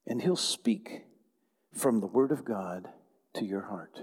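A man's voice: on the low side, takes it slowly, long pauses, a little mellow, breathy edge. An older man preaching a conversational sermon as pastor, repeating phrases and restarting his sentences. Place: church hall. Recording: long hall reverb.

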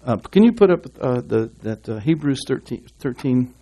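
A man's voice: medium pitch, expressive, moderate pace, dark tone. A man preaching a sermon in a church, rambling and folksy with asides and restarts, reading scripture aloud to his congregation. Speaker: pastor.

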